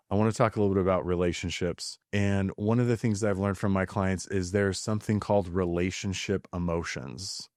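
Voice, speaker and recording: A man in his thirties hosting a podcast, talking in an earnest, halting way with fillers and restarts. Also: sits low, darkish tone, no room sound, studio quality. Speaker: podcast host. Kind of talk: reflective podcast monologue.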